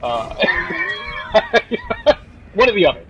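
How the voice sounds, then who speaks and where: A man's voice: on the high side, animated, unhurried, a bit bright, slight background noise, low-quality recording. A man casually commenting while he streams a video game, joking and chatting with viewers. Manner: joking, sarcastic, talks to chat viewers.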